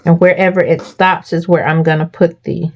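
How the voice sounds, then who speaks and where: A woman's voice: on the low side, level tone, normal speed. A woman hosting a crafting tutorial, walking viewers through each step and checking in with them often.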